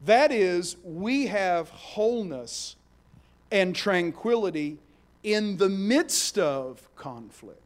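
A man preaches a sermon in a high voice. He moves between hushed, slow passages and loud, emphatic bursts. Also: lively intonation. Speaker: pastor.

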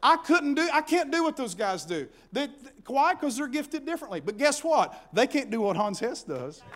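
High-voiced folksy preacher. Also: male voice, normal speed. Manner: folksy, animated preaching with shouted peaks. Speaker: pastor. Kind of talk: sermon.

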